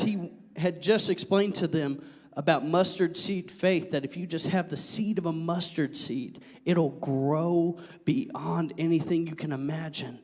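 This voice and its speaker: Young male pastor, high voice, lively sermon with asides to the room, long reverb of the church hall. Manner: animated, joking with the congregation, drops to a near whisper.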